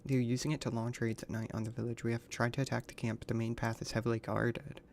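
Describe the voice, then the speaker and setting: A man's voice: mid-range voice, flat delivery, fast, gravelly, a little mellow, a little hiss or hum. A man streaming a game, reading the dialogue aloud and reacting with crude slang and frequent swearing. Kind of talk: casual gaming livestream commentary.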